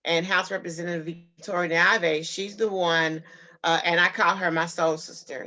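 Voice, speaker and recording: Earnest woman sharing her story, bright tone, kinda muffled lo-fi audio. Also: lowish voice, fairly even intonation, measured pace. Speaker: guest. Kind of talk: personal story in an interview.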